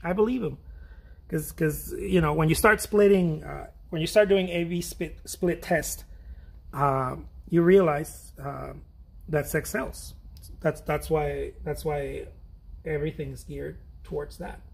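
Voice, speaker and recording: A middle-aged man with a gravelly, slightly husky voice, sitting a touch high for a man. He rambles casually while he paints, laughing at his own jokes and losing his thread. His talk is loose and self-deprecating. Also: a little slow. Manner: chatty, self-deprecating, laughs often, trails off and restarts. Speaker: painter streaming an art chat.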